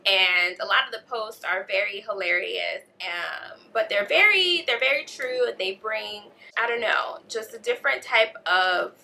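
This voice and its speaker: A woman's voice: mid-range voice, expressive, unhurried, gravelly, hardly any pauses, sharp tone, low-quality recording. Chatty woman gushing over a book. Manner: chatty, lots of fillers and "like", gushing. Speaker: book vlogger. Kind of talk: casual book review.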